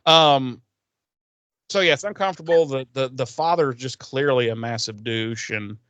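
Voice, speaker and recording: A man's voice: mid-range voice, moderate pace, fairly bright tone, clean tone, no echo. A man co-hosting a podcast, recapping an episode in a jokey, profane way and laughing often. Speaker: podcast co-host. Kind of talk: casual recap chat.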